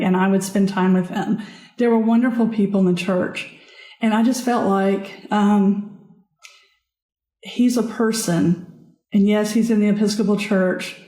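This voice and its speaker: A woman guest on a podcast, telling her own story in an earnest, halting way with frequent restarts. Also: medium pitch, warm tone. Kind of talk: candid personal storytelling. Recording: echoey room.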